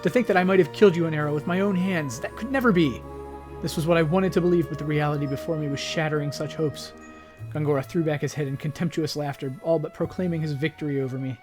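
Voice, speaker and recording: A man hosting a gaming channel, reading story text from the game aloud in a dramatic, expressive way. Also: on the high side, fast talker, soft background music.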